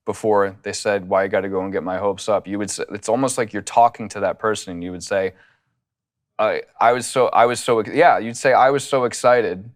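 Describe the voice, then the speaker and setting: A man in a recording studio, casually talking through song ideas and humming melody lines in falsetto as he goes. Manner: loose, thinking aloud, hums melody ideas in falsetto. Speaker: songwriting teacher and producer. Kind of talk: casual studio songwriting session.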